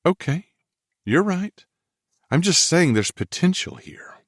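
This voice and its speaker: A man's voice: on the high side, big pitch swings, slow pace, no echo, clean studio sound, pitched above the performer's own voice, exaggerated voice. A man voicing an earnest young woman dress designer, eager and pleading, in an audiobook. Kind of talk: audiobook character voice.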